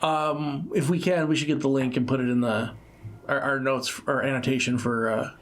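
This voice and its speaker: A man's voice: medium pitch, fairly even intonation, moderate pace. A man co-hosting a casual gaming podcast, who laughs often and repeats words as he talks. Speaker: podcast co-host. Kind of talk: casual chat about video games.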